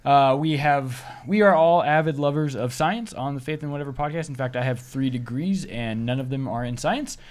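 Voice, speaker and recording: A young adult man co-hosting a casual comedic podcast, joking and animated. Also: medium pitch. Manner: jokey, animated, drawn-out phrasing when joking. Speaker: podcast co-host.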